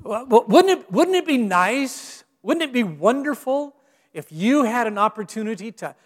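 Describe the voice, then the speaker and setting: High-voiced man preaching in a hall. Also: very animated, moderate pace. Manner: self-deprecating humor, frequent restarts. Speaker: guest preacher. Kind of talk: sermon. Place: church sanctuary.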